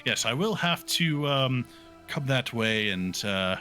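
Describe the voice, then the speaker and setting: A man's voice: medium pitch, animated, slow pace, sharp tone, faint music behind. A man voicing a prim, polite trunked knight. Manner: polite, hesitant, proper. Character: gentle, formal elephant-trunked male student knight.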